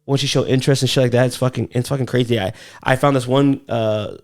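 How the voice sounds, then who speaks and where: A man's voice: medium pitch, steady tone, fast, darkish tone. A man co-hosting a comedy podcast, telling loose, profane stories in casual chat. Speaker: podcast co-host.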